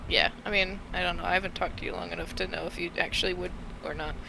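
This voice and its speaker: A woman's voice: on the low side, steady tone, fast talker, creaky, background noise. A woman in casual chat on a stream, blunt, swearing, and laughing often.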